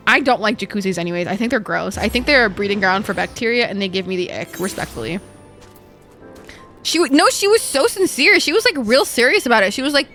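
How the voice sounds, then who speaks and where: A young adult woman streamer chatting casually while gaming, ranting in an animated, profane way. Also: fairly high pitch, brisk, faint music behind.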